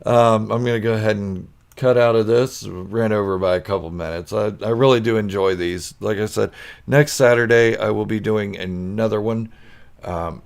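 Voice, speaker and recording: A man with a low, gravelly voice chats with viewers on a live stream. He is goofy and quick to laugh, telling stories and answering comments in a loose, casual way. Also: fairly even intonation. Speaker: channel host chatting with live viewers.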